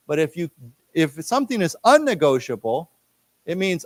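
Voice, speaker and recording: A man teaching an English class, explaining words patiently and leading the group through slow repetitions. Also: on the high side, big pitch swings, no echo. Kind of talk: classroom lecture. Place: library lecture room.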